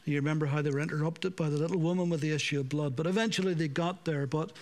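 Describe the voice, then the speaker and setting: A man preaching a sermon, swinging between raised emphasis and hushed, slowed passages. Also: fairly high pitch, steady tone.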